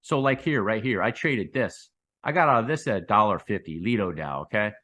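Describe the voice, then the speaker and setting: Rambling excitable man, low voice. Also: a little fast. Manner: rambling, repetitive, addresses viewers as guys; excitable bursts with sound effects. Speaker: crypto channel host. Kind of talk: casual chart commentary.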